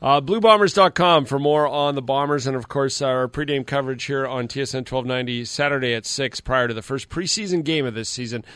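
A man hosting sports talk radio, interviewing guests and reading plugs briskly. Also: medium pitch, a bit bright, smooth, no room sound. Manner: brisk, reads promos and plugs.

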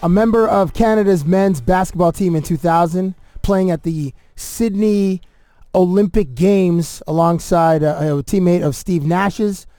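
A man's voice: high voice, mellow, no echo, faint music behind. A man hosting a podcast in casual chat, rambling and laughing easily with his guests. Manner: laid-back, rambling, quick laughs. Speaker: podcast host.

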